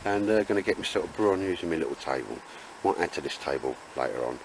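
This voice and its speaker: A man's voice: deep voice, lively intonation, fast, slight background noise. A man chatting casually and jokily while camping in damp woods. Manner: chatty, jokey, laid-back. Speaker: vlogger. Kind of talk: casual outdoor chat.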